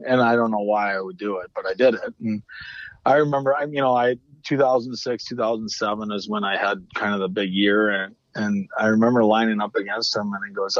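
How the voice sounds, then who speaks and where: Speaking fairly quickly in a lowish voice with fairly even intonation, a former hockey player rambles through casual stories as an interview guest. He swears and restarts often, and the remote audio is muffled, lo-fi and dry.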